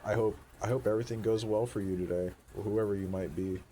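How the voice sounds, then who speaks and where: Man in his forties, very deep voice, casual rambling reflection, outdoors, faint wind behind. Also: fairly even intonation, warm tone. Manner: musing, unhurried, casual with swearing. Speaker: vlogger. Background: faint wind noise.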